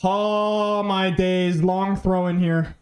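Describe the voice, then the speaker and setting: A man reacting live to a football match, excitable and pleading, swearing often, in a fan watch-along. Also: high-pitched, slow. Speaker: fan streamer.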